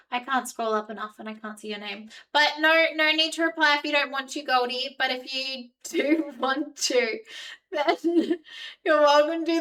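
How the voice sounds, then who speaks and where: A woman's voice: high voice, a bit bright, distant mic, rough recording. A young woman with a mixed Australian and New Zealand accent, chatting casually and rambling with her viewers on a live stream. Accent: Australian and New Zealand mix. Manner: chatty, rambling, frequent fillers and laughs.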